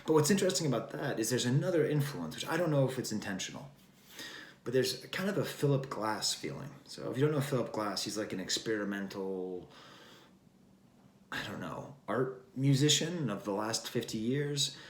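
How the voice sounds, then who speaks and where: A man's voice: medium pitch, expressive, normal speed, slight background noise. A man hosting a casual album review, talking in a rambling, wry way and drifting between thoughts with plenty of fillers. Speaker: record review host. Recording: roomy echo.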